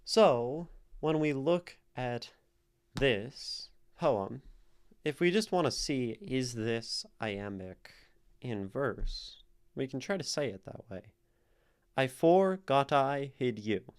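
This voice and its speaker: Guy on a stream slowly talking thru poem rhythm, smooth clear voice, says da-dum a lot. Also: mid-range voice. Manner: thinking aloud, sounding out stress patterns. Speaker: streamer analyzing poetry. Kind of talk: casual explanation on a live stream.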